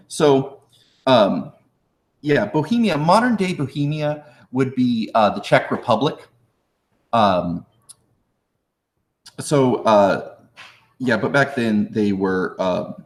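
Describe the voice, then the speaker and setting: A man's voice: on the low side, vocal fry. A man teaching history in a casual live review, joking with viewers in chat and acting out historical figures in slangy voices. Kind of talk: live-streamed exam review. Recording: echoey room.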